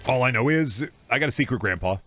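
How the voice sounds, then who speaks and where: A man's voice: mid-range voice, lively intonation, fast, fairly bright tone, faint music behind. A young man with a Midwestern American accent, streaming a game and chatting casually with his chat in a rambling way. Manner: rambling, reading and answering chat.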